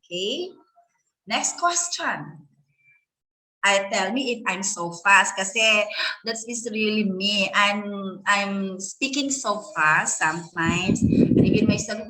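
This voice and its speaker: A woman's voice: medium pitch, measured pace, sharp tone, poor audio. A woman with a Filipino accent giving a conference lecture to teachers, firing rhetorical questions and dropping frequent "okay"s. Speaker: teacher trainer.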